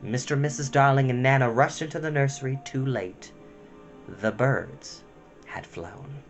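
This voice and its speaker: A man reading a storybook aloud at bedtime, expressive and dramatic with a gentle touch. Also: mid-range voice, measured pace, faint music behind.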